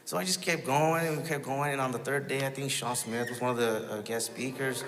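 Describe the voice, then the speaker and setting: A man telling his personal testimony in a casual storytelling way, halting, with many restarts and quoted asides. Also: medium pitch, steady tone, long reverb tail, background noise.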